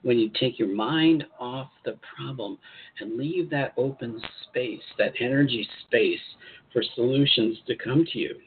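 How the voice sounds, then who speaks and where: A man hosting a spiritual advice show, speaking in an encouraging, repetitive way and pausing to comment as he reads articles aloud. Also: medium pitch, slight background noise. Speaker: host channeling spirit guides. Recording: tinny phone-like audio.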